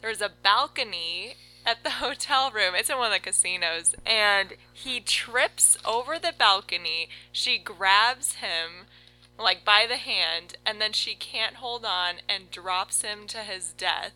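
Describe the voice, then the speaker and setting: Woman storyteller, very bright voice, animated, fixes herself mid-sentence. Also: mid-range voice, unhurried, faint music behind, low-quality recording. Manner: animated storyteller, self-correcting. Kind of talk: casual storytelling.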